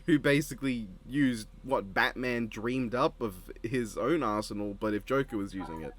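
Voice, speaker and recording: A man's voice: mid-range voice, moderate pace. A man with an Australian accent, co-hosting a casual reaction chat and rambling through his points. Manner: rambling, with frequent restarts and laughs. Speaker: co-host reacting to an episode.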